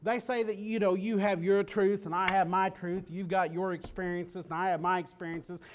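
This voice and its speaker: A man preaching a sermon, dropping low and quiet then rising to loud, emphatic declarations. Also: little pitch movement, normal speed, a little hiss or hum.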